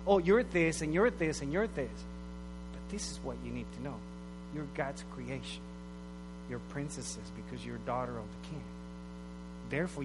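A man giving a conversational, storytelling sermon. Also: on the high side. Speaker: pastor. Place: church hall. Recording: reverberant hall with mains hum.

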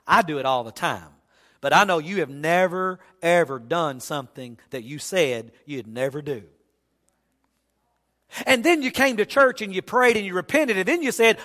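Preacher guy, high bright voice, acts out the story, big echoey church. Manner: animated storytelling, acting out voices, folksy humor. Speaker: pastor. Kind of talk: sermon. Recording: long hall reverb.

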